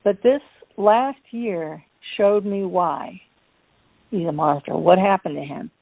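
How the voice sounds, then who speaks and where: A woman guest in an interview, telling her personal story in an animated, wry way and acting out the voices of people in it. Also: lowish voice, slow pace, vocal fry, no room sound. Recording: dry, tinny phone-line sound.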